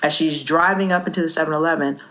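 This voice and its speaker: A woman co-hosting a faith podcast, telling stories in a lively way and acting out the people in them. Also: sits low, fast talker. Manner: animated storyteller, acts out quoted voices. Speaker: co-host. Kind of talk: faith podcast chat and storytelling.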